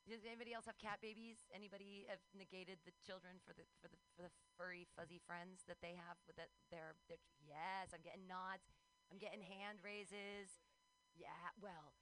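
A woman's voice: on the low side, moderate pace, pushed and bright, a little hiss or hum, low-quality recording. A woman performing a playful, self-mocking stand-up comedy set at an outdoor show.

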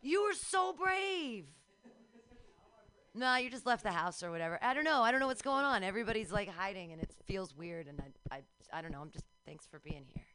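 A woman's voice: medium pitch, lively intonation, fairly quick, sharp tone, faint music behind. A woman hosting a comedy open mic, gushing and chatty with the crowd before trailing off into hesitant talk.

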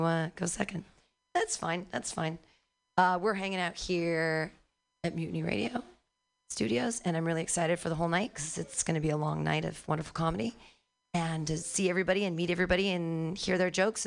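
A woman's voice: fairly low pitch, gravelly. A woman hosting a live comedy night in a radio studio, upbeat and teasing as she introduces the comedians. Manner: upbeat and teasing, hyping up the crowd. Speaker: comedy show host. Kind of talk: live show emcee patter.

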